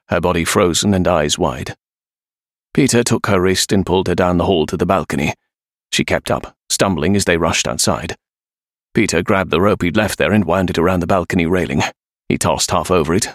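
A man narrating an adventure story in an expressive, animated way. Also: low voice, no room sound, clean studio sound. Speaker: audiobook narrator. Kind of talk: scripted narration.

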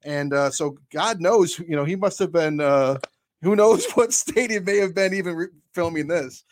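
A man's voice: high-pitched, moderate pace. A man co-hosting a casual film discussion podcast, chatty and loose, with frequent restarts and casual swearing. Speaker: podcast co-host.

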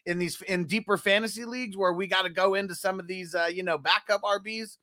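A man's voice: sits high, fast. Easygoing man hosting sports chat. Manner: relaxed, reads chat comments, laughs easily. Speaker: sports podcast host.

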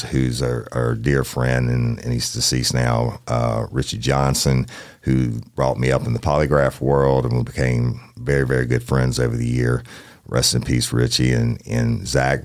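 A man hosting a true-crime podcast from a studio, talking in a folksy, plain-spoken way with drawn-out phrasing. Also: a bass voice, no room sound. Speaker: podcast host.

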